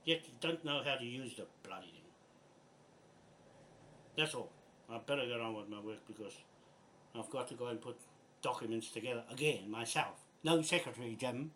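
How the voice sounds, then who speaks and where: A man's voice: mid-range voice, moderate pace, pauses often, fairly bright tone, slight background noise. An older man with a New Zealand accent, speaking bluntly and with exasperation in a frustrated, swearing video message. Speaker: land rights activist.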